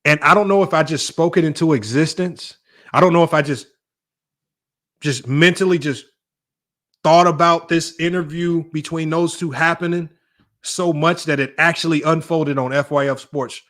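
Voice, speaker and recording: A man's voice: fairly high pitch, steady tone, moderate pace, a bit bright. A young man hosting a sports debate livestream, riffing casually and joking as he talks straight at his viewers. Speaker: sports show host.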